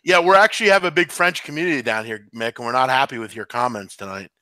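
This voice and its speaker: A man's voice: mid-range voice, fast. A man from Arizona joining the show's banter, sarcastic and easily amused. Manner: sarcastic, lively, chuckling. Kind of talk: joking banter.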